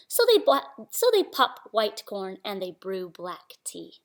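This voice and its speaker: A woman reading a children's picture book aloud in a lively, unhurried way, often dropping to a hush. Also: fairly high pitch. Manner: animated, slow, dropping to whispers at refrains. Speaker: storybook reader.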